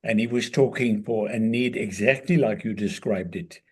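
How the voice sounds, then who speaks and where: Man, moderator, husky voice, brisk. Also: on the low side. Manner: brisk, managing turns. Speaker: session moderator.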